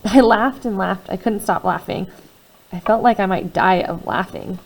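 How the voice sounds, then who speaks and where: Expressive woman reading a first-person novel. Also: medium pitch, unhurried, creaky, low-quality recording. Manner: expressive, swinging between hushed and loud. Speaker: audiobook reader.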